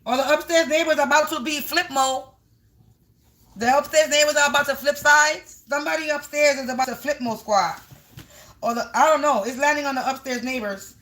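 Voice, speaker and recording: Woman, high pitch, bright, casual livestream reading, emphatic, repeats herself. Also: fairly even intonation, brisk. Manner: emphatic, repetitive, talks straight to viewers. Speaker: spiritual reader livestreaming. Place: home.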